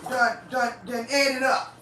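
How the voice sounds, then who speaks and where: Speaking in Southern African American vernacular, a woman vlogger angrily vents at home with profane, repetitive complaints. Her high-pitched voice is flat, measured, pushed and bright, picked up by a distant mic in an echoey room with faint noise.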